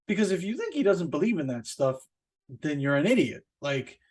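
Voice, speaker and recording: Profane rambling man ranting solo. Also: brisk. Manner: profane, rambling, with many fillers and restarts; animated, jumping up in pitch for emphasis. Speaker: podcast host. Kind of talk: casual solo rant.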